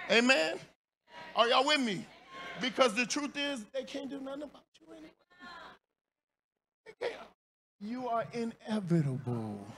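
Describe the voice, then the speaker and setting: A male pastor preaching a sermon in church, telling stories with shouts, laughter and playful asides to the congregation. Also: very high-pitched, a little hiss or hum.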